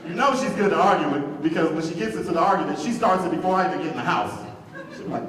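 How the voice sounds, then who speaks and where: A man's voice: a little high, very fast. A man from Detroit doing a stand-up comedy set, brash and profane, baiting the crowd, on a comedy club stage. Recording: echoey club hall from far off, crowd.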